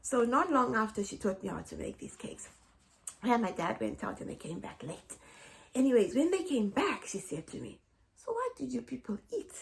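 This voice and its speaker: Gravelly woman telling stories. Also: on the high side, big pitch swings, moderate pace. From Zimbabwe. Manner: heartfelt, repeats phrases, breaks into laughter and tears. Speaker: vlogger. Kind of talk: personal storytelling to camera.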